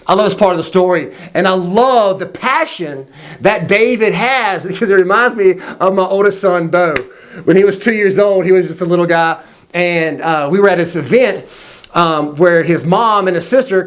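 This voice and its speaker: A man telling a Bible story to young people in a casual, energetic way, acting out the quotes. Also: high-pitched, normal speed. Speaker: youth faith video teacher.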